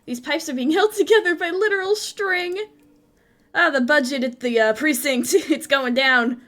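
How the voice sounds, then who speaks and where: A woman's voice: high-pitched, normal speed, a bit bright. A woman playing a video game, casually reading the dialogue aloud and commenting with playful, giggly chatter. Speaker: gaming video host.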